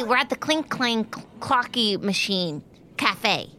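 A woman's voice: a little high, animated, takes it slowly, sharp tone, soft background music. A woman playing her character in a casual tabletop role-play, bubbly and jokey. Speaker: player.

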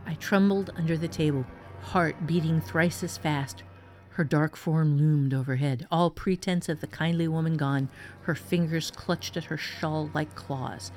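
A woman reading a short story aloud in first person, tense with hushed passages. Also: deep voice. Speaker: narrator. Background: faint background music.

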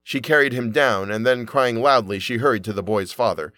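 A man narrating a fairy tale in an animated storybook reading. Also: medium pitch, a little fast, few pauses, dry recording.

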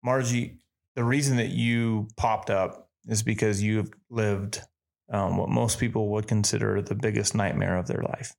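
A man hosting a casual interview podcast, talking earnestly and haltingly, repeating words as he gathers his thoughts. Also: lowish voice, steady tone, vocal fry, darkish tone. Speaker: podcast host.

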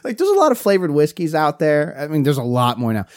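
A man with a slightly high voice and big pitch swings talks fast as a podcast co-host. Hailing from Pennsylvania, he chats casually, rambling and restarting as he goes and laughing through his stories, recorded at studio quality with no echo.

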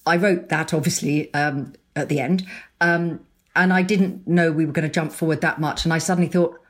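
Middle-aged woman author talking about her books, kinda low voice, animated, laughs a lot. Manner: animated, laughs often, quick restarts. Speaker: novelist guest. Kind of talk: casual interview chat.

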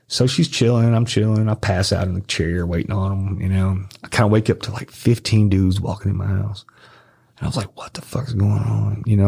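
This creaky, breathy-edged voice with a darkish tone belongs to a middle-aged Arkansas man on a podcast. He wanders through swear-laden anecdotes in relaxed storytelling, switching to a high voice whenever he mimics what others said.

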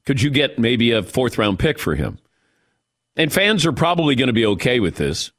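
A man's voice: mid-range voice, normal speed, dry recording, studio quality. A man hosting a sports talk show, chatting and riffing with his crew. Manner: animated, mimics players with mock voices.

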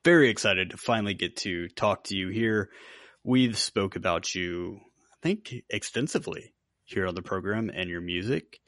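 Joking podcast host man with a lowish voice. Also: moderate pace, no room sound, clean studio sound. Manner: relaxed, joking host introducing a guest. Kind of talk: casual chat.

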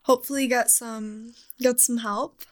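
A young woman in casual chat, talking in a chatty way with vocal fry. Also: a little high, steady tone, unhurried.

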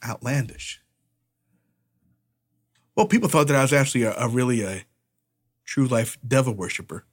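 A man co-hosting a podcast, telling old wrestling stories in a profane, animated way and imitating other people as he goes. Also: medium pitch, moderate pace, pauses often, slightly rough. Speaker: podcast co-host, former wrestler. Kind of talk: casual storytelling chat.

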